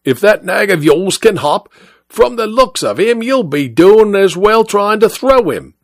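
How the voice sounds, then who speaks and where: A cheeky cab driver, put on by a man, full of sarcastic salesman patter. His voice sits higher and swings widely. The recording is dry and close. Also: lively intonation, measured pace, no room sound. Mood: mocking.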